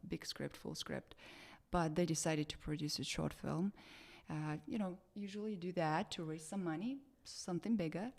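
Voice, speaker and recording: A woman with a Russian accent talks casually in an interview. Her voice sits slightly low, and her speech is full of fillers, restarts and lively bursts. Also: gravelly. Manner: hesitant, many fillers and restarts, animated. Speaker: actress, interview guest.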